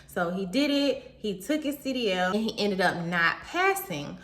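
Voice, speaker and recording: A young woman telling a personal story to her viewers in a casual, animated way, talking straight to them. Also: medium pitch, a little slow. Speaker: vlogger. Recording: roomy echo.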